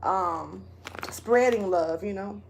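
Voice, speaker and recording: A woman's voice: medium pitch, takes it slowly, gravelly, slight background noise. A woman giving a casual monthly astrology reading as a tarot reader, laid-back and rambling, laughing often.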